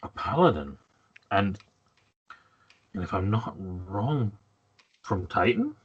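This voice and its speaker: A man's voice: lowish voice, very animated, slow, husky, highs cut off, heavily acted. A man playing a shaken, stammering nobleman. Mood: wary. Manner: stammering, trembling. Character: shaken, weary nobleman trapped for weeks.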